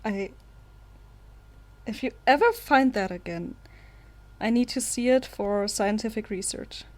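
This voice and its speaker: A woman's voice: medium pitch, unhurried. Playful, teasing woman podcaster. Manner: teasing, playful, laughs often. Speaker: podcast co-host. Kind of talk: casual chat.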